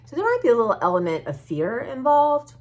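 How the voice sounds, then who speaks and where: At home, a woman vlogs about her art journaling, talking to her viewers in a rambling, open-hearted way and restarting often. Her voice sits a little high, moves a little fast, and swings hugely in pitch.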